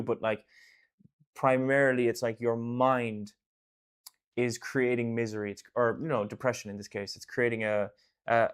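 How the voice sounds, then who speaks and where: An earnest man talks in a loose, rambling way, full of fillers and restarts. He reassures his listener by repeating the same points over and over. His voice sits at a middling pitch. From Ireland. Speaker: artist and host. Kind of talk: casual one-on-one talk.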